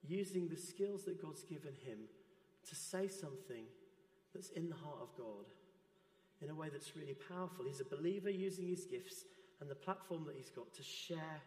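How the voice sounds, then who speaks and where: A man preaching a sermon in a church, his voice sitting a little high for a man. He speaks in a gentle, earnest way. The sound rings with long echo around a big hall.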